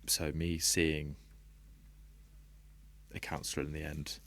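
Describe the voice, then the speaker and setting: A man with a very deep, low voice speaks as a podcast guest. His talk is candid and reflective, and soft laughs break into it now and then. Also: little pitch movement, slow, creaky. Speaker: podcast guest, rugby player.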